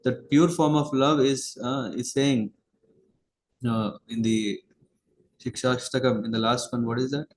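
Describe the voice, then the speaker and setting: Halting man giving a devotional talk. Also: mid-range voice, fairly even intonation, slight background noise, low-quality recording. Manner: halting, many pauses and fillers, asks listeners "yeah?". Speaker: spiritual teacher. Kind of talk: devotional lecture.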